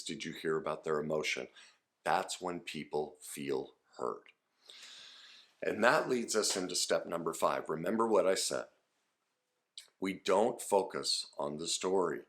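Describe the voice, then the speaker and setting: Middle-aged male coach, deep voice, earnest conversational teaching. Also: fairly bright tone. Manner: earnest, conversational, acts out example dialogue. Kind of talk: direct-to-camera teaching.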